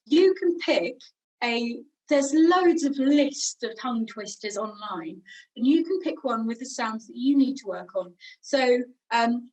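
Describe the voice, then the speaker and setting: Woman leading a vocal warm-up. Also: on the high side, expressive, measured pace, recorded from a distance, low-quality recording. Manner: demonstrates sounds, chatty and encouraging. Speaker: singing teacher. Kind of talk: online vocal warm-up lesson.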